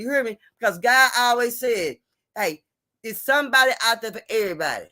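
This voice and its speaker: A woman's voice: a little high, pushed and bright. A middle-aged or older woman lecturing viewers on relationships in a blunt, preachy way, often asking if they hear her. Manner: preachy, repeats "you hear me?" and "you see what I'm saying?"; blunt and salty, drawn-out emphasis. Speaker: vlogger giving relationship advice. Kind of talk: emphatic advice rant to viewers.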